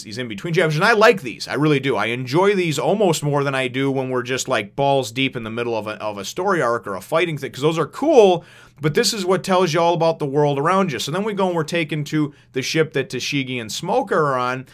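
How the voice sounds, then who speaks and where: A man's voice: medium pitch, a bit bright. Rambling man giving a casual review. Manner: rambling, many fillers and restarts; laughs while retelling funny scenes. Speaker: manga chapter reviewer.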